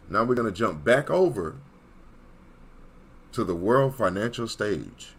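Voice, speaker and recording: A man's voice: fairly low pitch, expressive, measured pace, long pauses, breathy edge. A man giving an emphatic, preachy monologue as an online commentator, repeating points and checking in with his listeners. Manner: emphatic, repetitive, checks in with "Okay?".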